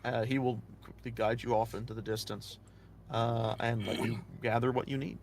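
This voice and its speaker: A man's voice: mid-range voice, steady tone, normal speed, creaky, noisy background. A man narrating a tabletop game as game master, casual and giggly, swearing loosely.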